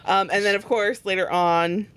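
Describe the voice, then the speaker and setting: A young woman co-hosting a podcast in casual chat, relaxed and agreeable, retelling scenes with plenty of fillers. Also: medium pitch, normal speed, clean tone. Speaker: podcast co-host.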